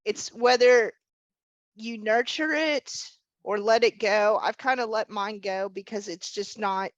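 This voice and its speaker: A woman who runs a witchcraft shop, chatting in a relaxed, easygoing way. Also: medium pitch, unhurried, no echo. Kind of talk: casual chat. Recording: dull dry lo-fi sound.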